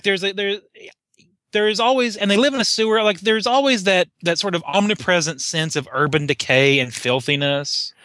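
A man's voice: fairly high pitch, pushed and bright, no echo, clean studio sound. A man co-hosting a casual podcast chat, restarting his sentences and building to emphatic rhetorical questions. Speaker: podcast co-host.

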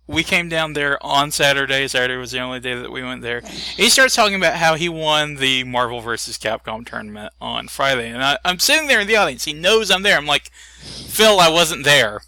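Male co-host, very bright voice, dry close sound, chatty storyteller. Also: medium pitch, clean tone, no echo. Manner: animated storyteller, many fillers. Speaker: podcast co-host. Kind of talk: casual chat.

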